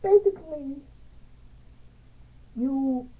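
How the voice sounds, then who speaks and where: A woman teaching a music theory lesson, speaking in halting phrases and counting beats aloud with stress on the accented ones. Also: high-pitched, expressive. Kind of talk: piano music theory tutorial. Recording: tinny phone-like sound.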